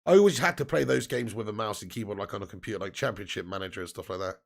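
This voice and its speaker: On a football watch-along stream, a man in his thirties reads out chat messages casually and chattily, laughing often and swearing in passing. His voice is on the low side and creaky, and he talks rapid-fire.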